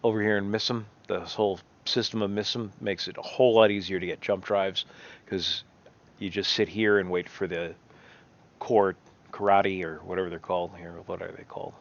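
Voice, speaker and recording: A man's voice: low voice, steady tone, moderate pace, highs cut off. A man giving casual, rambling game commentary, often correcting himself as he thinks aloud. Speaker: gameplay commentator.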